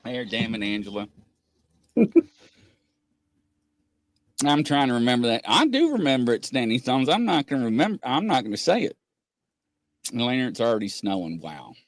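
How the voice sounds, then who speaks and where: Guy on a livestream, super animated, laughs a lot, bouncy voice, dry sound. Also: moderate pace, pauses often, dry recording. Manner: animated, laughing, acts out quoted exchanges in a higher voice. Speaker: livestream co-host. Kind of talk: casual livestream chat.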